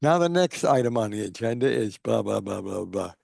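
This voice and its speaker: A man's voice: fairly low pitch, animated, brisk, creaky, a little mellow, no echo, clean studio sound. An older man, a guest on a video call, telling anecdotes and acting out the people in them. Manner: acts out quoted people while telling stories. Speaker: guest speaker. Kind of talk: anecdotal storytelling.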